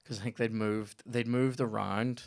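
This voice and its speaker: A man's voice: on the low side, fairly even intonation, moderate pace, vocal fry. Sweary man telling stories. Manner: sweary, rambling storytelling. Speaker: comedian. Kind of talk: casual podcast chat.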